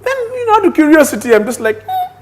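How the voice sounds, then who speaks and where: A Ugandan man co-hosting a casual chat show, telling stories in an animated, dramatic way. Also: extremely high pitch, very fast, a little hiss or hum. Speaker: co-host. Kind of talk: casual bar-table chat.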